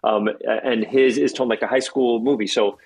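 A man aged forty, a guest actor chatting in an interview, rambling and excitable with quick asides. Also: medium pitch, creaky, slightly rough, poor audio. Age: 40s. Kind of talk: casual interview chat.

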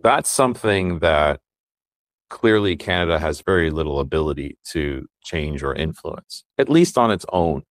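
Deep-voiced man explaining security matters. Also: animated, normal speed, no room sound. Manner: thoughtful, explaining with restarts. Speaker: security expert interviewee. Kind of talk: explanatory interview.

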